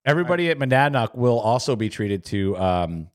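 A man's voice: mid-range voice, big pitch swings, a little fast. A man hosting a casual talk show, leading the chat and asking his co-hosts questions. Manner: leads the chat, asks questions. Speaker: show host.

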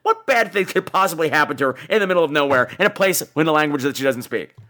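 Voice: medium pitch, expressive, fast talker, sharp tone. A podcast host ranting sarcastically about a bad movie, swearing freely and repeating words for emphasis.

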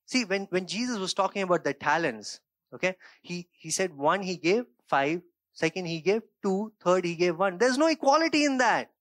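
A man delivers an earnest sermon in a somewhat high voice, dropping into quiet reflective passages before rising into emphatic bursts. He often checks in with his listeners, asking "right?" and "okay?" The sound is dry and close to the mic. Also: moderate pace, no echo. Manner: shifts between quiet reflective stretches and raised emphatic bursts. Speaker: pastor.

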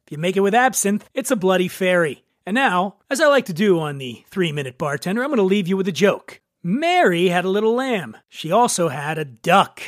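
A man's voice: sits high, dry recording, studio quality. A man hosting a short podcast episode, delivering a scripted monologue in a wry, playful and theatrical way. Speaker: podcast host.

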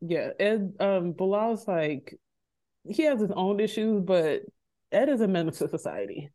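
A woman's voice: mid-range voice, lively intonation, measured pace, warm tone. A woman co-hosting a casual chat, reacting with slang and frequent laughter. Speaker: podcast co-host. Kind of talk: casual chat recapping a reality show.

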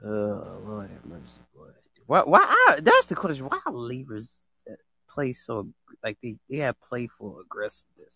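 A man hosting a casual live stream, excitable and slangy, laughing a lot. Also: medium pitch, normal speed, dry recording.

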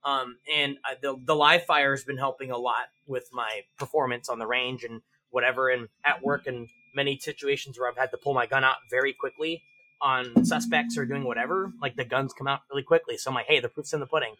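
A man as a podcast guest, telling stories animatedly, swearing freely and acting out shouted range commands. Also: medium pitch, fairly even intonation, brisk. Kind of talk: casual interview chat.

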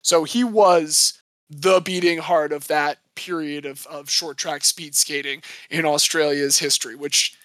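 A woman's voice: deep voice, fairly even intonation, a little slow, a bit bright, dry recording. A woman co-hosting a podcast, telling sports history in a casual, jokey way. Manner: chatty, jokey storytelling. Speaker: podcast co-host.

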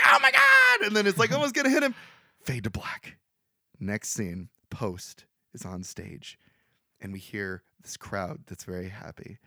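Giggly, animated male podcast host. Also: high-pitched, dry recording, studio quality. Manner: laughs often, animated retelling with put-on quotes. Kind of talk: casual movie recap chat.

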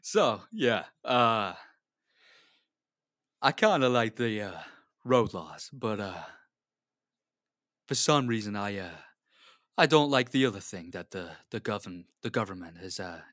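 A man voicing a loud American man who is set on his freedom, in a put-on American accent, emphatic and drawling with fillers. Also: fairly low pitch, animated, measured pace, long pauses, no room sound, clean studio sound.

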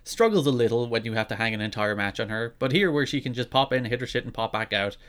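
A man's voice: medium pitch, fast, fairly bright tone. A man co-hosting a casual wrestling podcast, wry and opinionated. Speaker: podcast co-host.

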